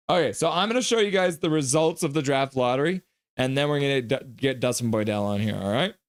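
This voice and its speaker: A young man runs a live hockey reaction stream, excitable and joking as he reads his chat. His voice sits at an ordinary pitch and is recorded dry and close on a desk mic. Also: moderate pace, dry recording.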